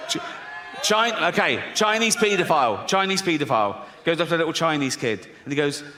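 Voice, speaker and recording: A middle-aged man with an English accent doing stand-up comedy, deadpan and conversational, laughing at his own jokes. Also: a little high, a little slow, pauses often. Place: large theatre stage. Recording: stage mic in a big hall with audience noise.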